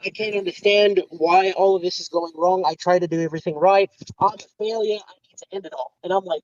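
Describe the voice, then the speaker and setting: A man guest telling a long story in casual chat, rambling and animated, acting out the lines of others. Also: sits high, fairly quick, hardly any pauses, dry recording. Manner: rambling, animated retelling with quoted dialogue. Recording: slightly dull lo-fi sound.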